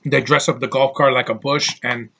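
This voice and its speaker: A man's voice: medium pitch, fairly even intonation, moderate pace, gravelly, pushed and bright, slightly rough. A man giving a casual, rambling movie review, with lots of fillers and restarts.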